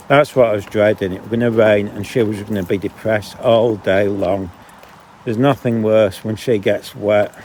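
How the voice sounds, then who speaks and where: A man's voice: on the low side, a little mellow, slight background noise. A man chatting and grumbling as he walks dogs along a canal path outdoors, often breaking off mid-sentence. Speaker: vlogger. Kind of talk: casual walking vlog monologue.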